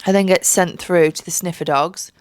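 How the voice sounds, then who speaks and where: A young woman talks from her bed, worn out and jet-lagged with a blocked-up nose from a cold. Her voice sits low and the sound is close and dry, with no room around it. She chats loosely, swearing and joking as she goes. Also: steady tone, moderate pace, no room sound. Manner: chatty, sweary, jokey storytelling. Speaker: podcast host. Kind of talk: casual chat. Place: bedroom.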